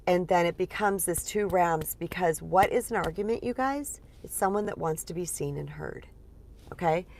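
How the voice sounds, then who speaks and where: A woman in her forties coaches her listeners in a relaxed, conversational way. She sounds earnest and lively and keeps checking in with her audience. Her voice sits at an ordinary middle pitch for a woman. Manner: earnest, lively, uses many fillers. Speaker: spiritual empowerment coach. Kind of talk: casual teaching monologue.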